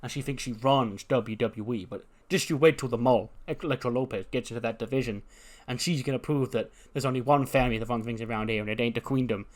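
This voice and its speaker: A man's voice: medium pitch, quick pace, natural voice. A man doing a brash wise-guy mob boss. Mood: swaggering. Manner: swaggering, wise-guy patter. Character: brash mobster-style male family boss.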